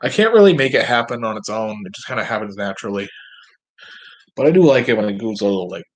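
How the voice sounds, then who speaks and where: A man's voice: fairly low pitch, lively intonation, fast. A man at home, talking straight to camera in a rambling, profane, self-mocking monologue. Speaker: vlogger.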